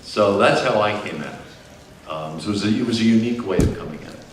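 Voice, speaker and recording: A man, a voice actor on a fan convention panel, telling animated stories and moving from hushed to loud. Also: on the low side, brisk. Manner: animated storyteller, lively swings from hushed to loud. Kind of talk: storytelling panel Q&A. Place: large convention hall. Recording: roomy distant convention hall recording with noise.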